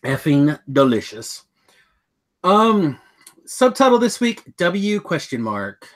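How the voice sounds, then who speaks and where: A man's voice: a little high, very animated, slow, a bit bright. Joking middle-aged man hosting a podcast. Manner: joking, rambling, hums tunes. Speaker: podcast co-host. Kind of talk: casual chat. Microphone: webcam video call.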